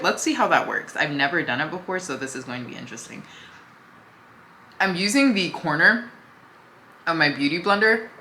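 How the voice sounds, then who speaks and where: A woman's voice: low-pitched, bright, forceful tone, reverberant, a little hiss or hum. A young woman vlogger chatting casually while doing her makeup, easygoing and talkative. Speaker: beauty vlogger. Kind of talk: casual makeup tutorial chat.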